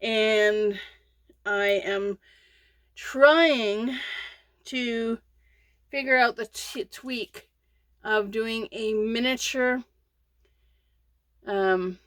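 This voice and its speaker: Woman, middle-aged, casual crochet vlog, rambling fillers, unhurried, dry room. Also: on the high side, a bit bright, no room sound. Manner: rambling, chatty, with many fillers and restarts. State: sleepy, yawning. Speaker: crochet channel host.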